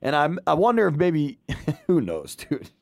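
A man's voice: a little high, wildly swooping pitch, measured pace, vocal fry, dry recording. A man hosting a sports podcast, chatting in a friendly, laughing way and calling his guest dude. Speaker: podcast host. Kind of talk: casual podcast interview.

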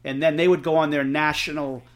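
Man, middle-aged, animated storyteller, casual swearing, slightly high voice. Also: a little fast. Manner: animated storyteller, swears freely, acts out quotes. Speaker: podcast co-host.

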